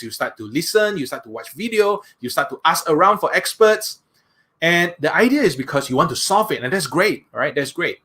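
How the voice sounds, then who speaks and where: A man with a Malaysian English accent and a mid-range, fairly bright voice gives a conversational seminar talk as a motivational speaker, frequently putting questions to the audience.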